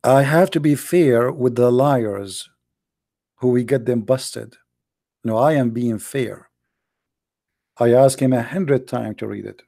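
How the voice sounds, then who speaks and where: A man's voice: medium pitch, slow pace, creaky, pauses often, dark tone, dry recording, clean studio sound. An English speaker who hosts a debate show and argues combatively and sarcastically in broken English, restarting his phrases often. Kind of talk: heated religious debate.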